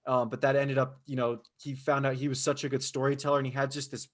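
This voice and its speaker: A man's voice: mid-range voice, level tone, quick pace. A man co-hosting a podcast in casual chat, rambling through a story with many restarts and "you know"s. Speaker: podcast co-host.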